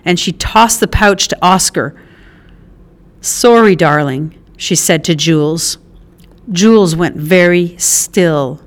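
Slow, low-pitched woman narrating a story. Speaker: audiobook narrator. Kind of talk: scripted narration.

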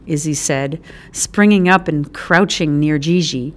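A woman narrating an audiobook with an expressive, animated delivery. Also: sits low, slow.

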